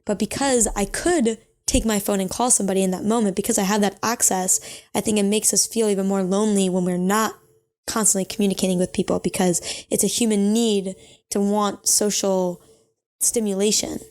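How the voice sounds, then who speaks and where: Brief: young woman host, casual and reassuring, mid-pitched, rambling and reflective. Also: fairly even intonation, a little fast, darkish tone. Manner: chatty and reflective, with frequent "you know" and self-corrections; reassuring, advice-giving. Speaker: podcast host. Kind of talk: casual advice podcast.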